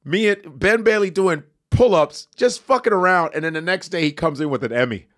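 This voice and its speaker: A man telling a story in casual podcast chat, animated and full of swearing. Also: high-pitched, brisk.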